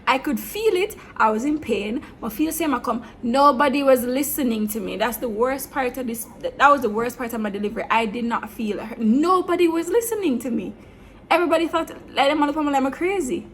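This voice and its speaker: A young woman tells a story straight to camera in a lively, unfiltered way, moving between patois and standard English. Her voice sits a little high. A faint hiss lies underneath. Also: fast, hardly any pauses. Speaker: vlogger. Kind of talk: storytime monologue.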